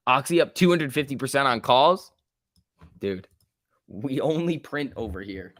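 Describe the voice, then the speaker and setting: A man hosting a live trading stream, giving loose running commentary, reading chat aloud and breaking into quick excited outbursts. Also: mid-range voice, dry recording, studio quality. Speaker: livestream host.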